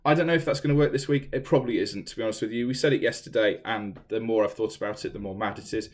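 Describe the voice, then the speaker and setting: A lowish male voice moves at a quick pace. The speaker, from England, is giving an online singing lesson, chatty and self-deprecating, filmed on a camera set up in a room at home during lockdown, with piano music in the background.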